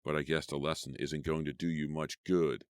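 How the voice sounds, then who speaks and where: A man voicing a cruel, jovial middle-aged killer who taunts his captives in a low, menacing way. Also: level tone, normal speed, smooth, no room sound, clean studio sound.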